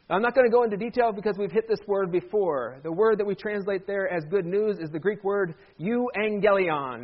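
A man's voice: sits high, brisk, hardly any pauses, dull audio. A man preaching a sermon as pastor in a church, conversational with joking asides.

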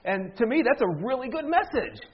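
A man's voice: very high voice, big pitch swings, fairly quick, husky, dull audio. A middle-aged man preaching a humorous sermon in a church, telling stories with a joking, self-deprecating manner. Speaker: pastor. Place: church sanctuary.

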